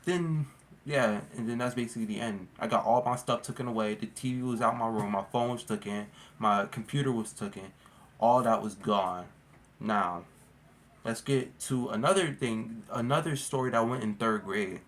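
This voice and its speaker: A man talks straight to camera in a loose storytime vlog. He rambles, restarts, and fills his speech with slang like "bro" and "like". His pitch sits in an ordinary middle register. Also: normal speed. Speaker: vlogger. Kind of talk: casual storytime monologue.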